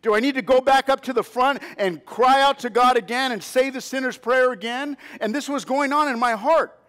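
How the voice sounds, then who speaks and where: High-voiced preaching man in his fifties. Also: normal speed. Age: 50s. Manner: storytelling, drops to a hush then rises to emphatic calls; asks the congregation for responses. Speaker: pastor. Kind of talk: sermon.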